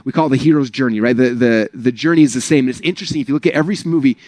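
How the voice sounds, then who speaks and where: A man's voice: medium pitch, racing, a little mellow, no echo. A man giving a casual, rambling motivational talk to an audience of learners, full of "like" and "right?". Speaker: speaker at an online business training.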